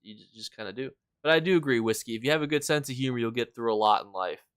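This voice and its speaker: A man's voice: medium pitch, racing, fairly bright tone, clear, resonant tone, no room sound, studio quality. Chatty man rambling over a game stream. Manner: rambling, filler-heavy storytelling; reads and answers chat while playing. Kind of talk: casual gameplay chat.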